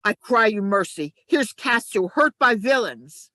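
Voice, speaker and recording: Woman reading cunning male schemer, lively pitch, dry sound, urgent then hushed. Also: a little slow, no echo. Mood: scheming. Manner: shifts between urgent shouts and low asides. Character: scheming male ensign, sly and cold. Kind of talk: amateur play reading.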